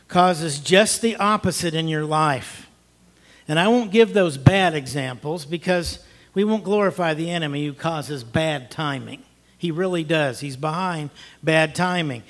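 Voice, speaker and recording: A man preaching from the pulpit with a bright, ringing tone and a slightly raised pitch. He hammers his points home, repeating key phrases for emphasis. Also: measured pace. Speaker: pastor. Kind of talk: sermon.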